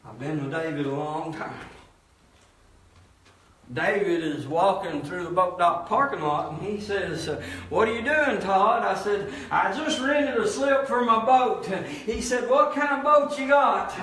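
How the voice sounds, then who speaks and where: A pastor preaching, telling a story with loud emphatic shouts and low, quiet asides. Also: male voice, unhurried. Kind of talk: sermon storytelling. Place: church. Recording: echoey church hall from far off.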